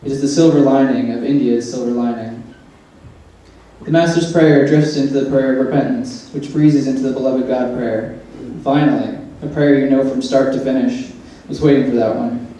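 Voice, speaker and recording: A man's voice: mid-range voice, fairly even intonation, normal speed, mellow, a little hiss or hum. A man reading a humorous personal essay aloud, with wry, dry asides. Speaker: essay reader. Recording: echoey room, mic far off.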